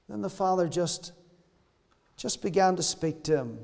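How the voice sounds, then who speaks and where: Impassioned high-voiced male preacher. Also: expressive, unhurried, creaky, pauses often, darkish tone, in a large hall. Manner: impassioned, acts out voices of the brother and father. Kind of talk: sermon. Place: church service.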